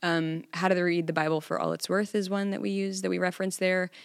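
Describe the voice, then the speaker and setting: A woman guest on a podcast, chatting in a lively, joking way about teaching a class. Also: on the low side, brisk, vocal fry, smooth, no echo, clean studio sound. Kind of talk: casual chat.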